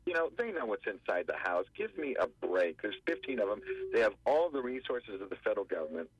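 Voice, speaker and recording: A man, an attorney calling in to a radio show, telling a story in an animated way and acting out the quotes. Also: fairly low pitch, brisk. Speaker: attorney guest on phone. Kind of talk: radio phone interview storytelling. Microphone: telephone. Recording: muffled phone line.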